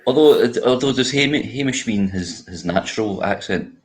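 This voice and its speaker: A man's voice: fairly low pitch, animated, moderate pace, a little hiss or hum. A Glaswegian man co-hosting a podcast in casual chat, dry and teasing. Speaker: podcast co-host.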